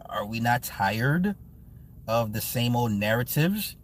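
A man's voice: mid-range voice, takes it slowly, slight background noise. Blunt, profane man in his forties. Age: 40s. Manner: profane, blunt, animated, laughs often. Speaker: live-stream host and movie reviewer. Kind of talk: casual live-stream chat with viewers.

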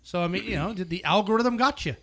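A man's voice: high-pitched, a bit bright. A man in casual chat, teasing his friend and stumbling through restarts. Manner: teasing, halting, full of restarts.

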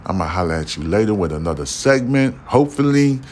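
A man with a very low voice talks alone on his podcast. His delivery is blunt, profane and preachy. He keeps checking in with his listeners as he talks, with a faint noise in the background. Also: big pitch swings, brisk. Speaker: podcast host. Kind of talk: casual monologue.

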